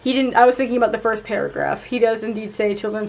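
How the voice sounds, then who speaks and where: A woman's voice: a little high, fast talker, few pauses. Chatty woman streaming a horror game. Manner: chatty, thinks aloud, swears, swings from loud outbursts to mutters. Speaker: let's play streamer. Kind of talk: casual gameplay commentary.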